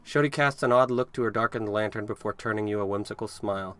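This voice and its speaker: Low-voiced man reading game text. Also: quick pace, a bit bright. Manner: casual, wry asides between read passages. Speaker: let's play host. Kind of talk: gameplay commentary and reading game text aloud.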